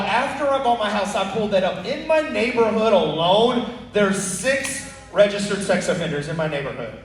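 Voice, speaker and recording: A man performing a fast, animated stand-up comedy set on a club stage, with loud punchlines. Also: sits high. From Texas. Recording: echoey club from far off. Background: audience laughter.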